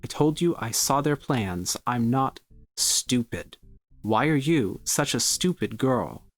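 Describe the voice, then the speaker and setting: A man's voice: mid-range voice, expressive, slow, no room sound, soft background music. A man reading the lines of a stern, controlling holy woman aloud from a visual novel, in a harsh, repetitive scolding tone. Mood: accusing. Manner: repeats accusations, harsh scolding.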